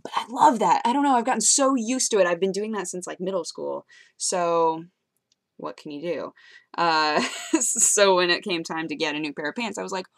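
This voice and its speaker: A woman's voice: lowish voice, expressive, moderate pace. A young woman chatting casually into a webcam, rambling and self-mocking, with many fillers and laughs. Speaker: vlogger. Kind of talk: casual webcam vlog chat. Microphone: webcam mic.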